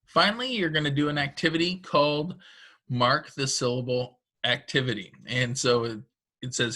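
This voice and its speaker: A man teaches a recorded phonics lesson. He talks families through a worksheet one careful step at a time. His voice is bright, with a crisp, forward ring. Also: medium pitch, moderate pace. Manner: patient, step-by-step instructions.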